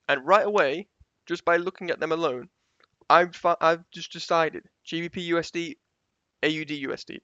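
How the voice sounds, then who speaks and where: A man's voice: fairly high pitch, bright, forceful tone, dry recording. A man giving a casual screen-share tutorial on forex trading, repeating key phrases for emphasis and checking in with the viewer. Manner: conversational, keeps checking in with the viewer. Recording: dull, slightly lo-fi sound.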